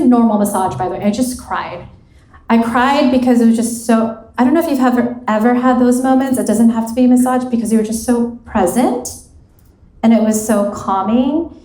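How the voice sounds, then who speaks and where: A woman's voice: mid-range voice, dark tone. Chatty woman coach in an echoey hall. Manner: conversational, peppered with "like", acts out quoted dialogue. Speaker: career coach giving a workshop talk. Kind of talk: live motivational workshop talk. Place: event hall at a women's retreat. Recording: roomy echo of a live hall.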